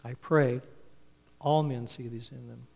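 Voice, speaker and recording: A man preaching a Father's Day sermon, earnest and storytelling, his phrases trailing off softly. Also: mid-range voice, fairly even intonation, unhurried, creaky, slightly rough. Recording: reverberant hall, speaker a bit off-mic.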